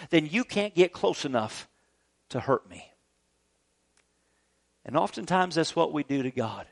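A man in his thirties preaching a sermon as a pastor, earnest, swinging from loud urging to soft, tender tones. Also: high-pitched. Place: church grounds.

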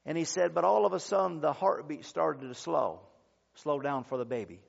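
Earnest male pastor, slightly high voice. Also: creaky, breathy edge. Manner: earnest, measured storytelling with drawn-out pauses. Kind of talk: sermon. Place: church service. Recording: dull lo-fi sermon recording.

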